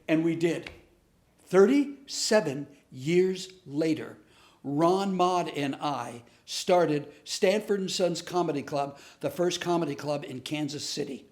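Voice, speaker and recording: A man's voice: a little high, measured pace, roomy sound. A middle-aged man teaching a lesson on bullying through stories, acting out the dialogue as he tells them. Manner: animated storyteller acting out dialogue. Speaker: comedian teaching a class on bullying. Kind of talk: storytelling lesson.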